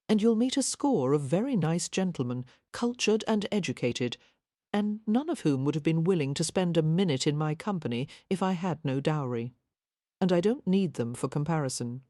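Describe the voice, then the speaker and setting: Helen, a woman reading a gentle young lady. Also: low-pitched, dry recording, clean studio sound. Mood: earnest.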